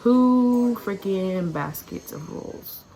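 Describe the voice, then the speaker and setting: A teenage girl from Texas, chatty and animated, telling a storytime vlog with lots of "like" and "y'all". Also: medium pitch, extremely slow. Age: teens. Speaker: vlogger.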